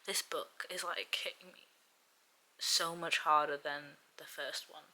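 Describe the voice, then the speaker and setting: A woman book vlogger talking casually about her reading, animated and exasperated, often dropping to a whisper and giggling. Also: deep voice, a little slow.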